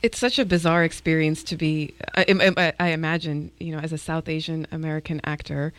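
An interviewer calmly posing long, carefully built questions to a guest. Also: mid-range voice, brisk, clear, resonant tone.

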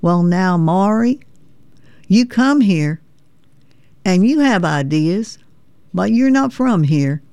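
A man's voice: high-pitched, expressive, takes it slowly, long pauses, a little mellow, smooth, dry recording, studio quality, full character voice. A woman putting on the voice of an older Tennessee man, blunt and wary of outsiders, with a folksy Tennessee drawl.

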